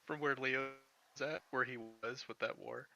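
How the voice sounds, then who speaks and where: Male player, gravelly, very bright, casual table chat. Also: mid-range voice, steady tone, a little slow, highs cut off.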